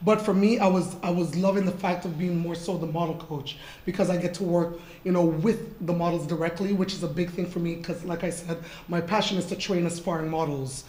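A woman's voice: on the low side, steady tone, fairly quick, warm tone. Woman, forties, from Canada, chatty storyteller, laughs a lot, roomy event hall. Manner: chatty, laughs often, lots of "like" fillers. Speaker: guest model in an artist talk. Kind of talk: casual storytelling interview. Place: event room with an audience.

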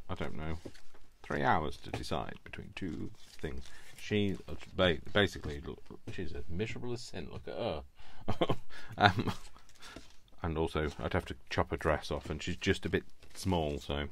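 Low-voiced man chatting while crafting. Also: animated, slow, gravelly, long pauses, fairly bright tone, slight background noise. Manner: rambling, chatty, self-mocking, laughs often. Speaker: crafting video host. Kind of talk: casual chat while crafting.

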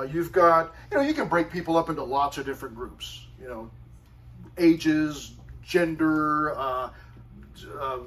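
A male pastor preaching a sermon in a conversational, storytelling way with chatty asides. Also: fairly high pitch. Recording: voice far from the mic.

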